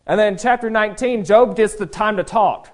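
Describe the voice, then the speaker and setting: A man preaching a sermon, emphatic and animated, often acting out voices in his quotes. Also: sits high, a little fast. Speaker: pastor.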